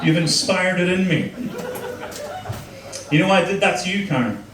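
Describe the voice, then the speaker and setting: A man with a Northern Irish accent, from Northern Ireland, does crude stand-up on a comedy club stage, teasing the crowd in a high-pitched voice at a moderate pace. It's a roomy live venue with a distant mic, background noise, and the audience laughing throughout.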